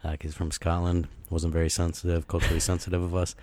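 Deep-voiced man chatting on a podcast. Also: completely flat delivery, fast, a little mellow, no room sound. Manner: rambling, many fillers and laughs. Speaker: podcast co-host. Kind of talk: casual podcast chat.

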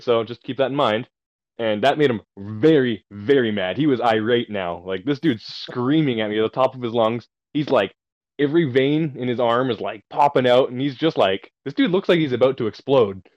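A man's voice: medium pitch, dry recording, lo-fi sound. A man casually telling a long story on a podcast, swearing and amused at himself, heard over a remote call. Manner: laid-back, swearing, self-amused storyteller.

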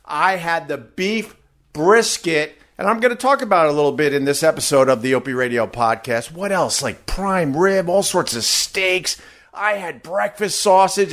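A man's voice: on the high side, fairly bright tone. A man hosting a podcast, reading a sponsor ad in a loose, joking, self-deprecating way. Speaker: podcast host. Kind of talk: casual ad read.

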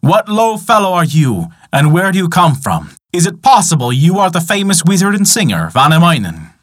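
A man's voice: on the high side, huge pitch swings, moderate pace, pitched above the performer's own voice. A man voicing a young, boastful wizard who sneers and brags in a folk tale. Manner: brash and bragging.

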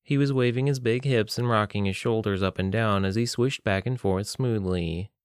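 A man narrating an audiobook in a steady, plain storytelling manner. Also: lowish voice, normal speed, no echo, studio quality. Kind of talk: scripted narration.

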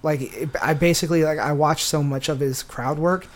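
A stand-up comedian from San Diego, USA, chats as a guest on a podcast in a loose, rambling style full of fillers and restarts. His voice is on the high side, with a steady tone and a normal speed.

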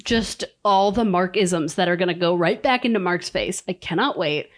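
A woman's voice: on the low side, moderate pace. A young woman chatting casually with family, playful and laughing often. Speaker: daughter, expecting a baby.

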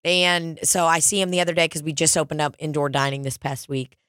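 A woman co-hosting a podcast, telling a story in casual chat, animated and swearing freely. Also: brisk, smooth, no echo, clean studio sound. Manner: animated, swears freely, mimics people in high excited voices. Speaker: podcast co-host.

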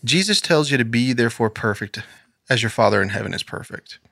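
In a podcast studio, a man co-hosting a casual faith podcast speaks in a medium-pitched, gravelly, slightly bright voice. He's animated and brisk, talking earnestly and quoting scripture like a preacher. The recording is dry with clean studio sound.

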